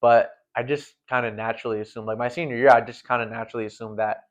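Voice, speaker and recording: A man's voice: medium pitch, steady tone, fast talker. A young man in his late teens talking casually and earnestly, rambling with lots of fillers. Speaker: guest, former volleyball setter. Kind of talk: casual conversational chat. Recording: dull lo-fi recording.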